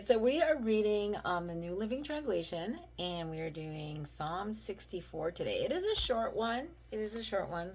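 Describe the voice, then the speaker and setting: Low-voiced woman giving a casual devotional. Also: breathy edge. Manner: chatty, often asks "right?" and leans on emphasis. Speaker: Bible reading video host. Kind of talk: casual devotional talk and scripture reading.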